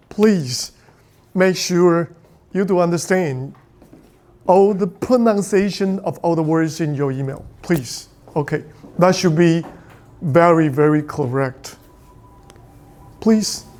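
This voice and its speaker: A man's voice: on the high side, darkish tone. Male lecturer, middle-aged, Taiwanese Mandarin accent, native Mandarin speaker, patient and repetitive classroom instruction. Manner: repetitive, pleading "please" and "okay?", switching between English and Mandarin. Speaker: physics lecturer.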